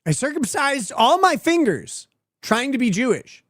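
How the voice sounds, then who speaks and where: A man's voice: extremely high pitch, very animated, unhurried, fairly bright tone, dry recording, clean studio sound. A man hosting a livestream, reading viewer messages and answering them with crude, sardonic jokes and frequent laughter. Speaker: livestream host. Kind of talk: casual livestream commentary.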